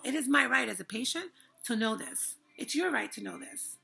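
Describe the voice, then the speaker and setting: A woman's voice: on the high side, expressive, moderate pace, creaky, bright, forceful tone, soft background music. A young woman vlogger giving an emphatic, frank and indignant personal testimony. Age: young adult.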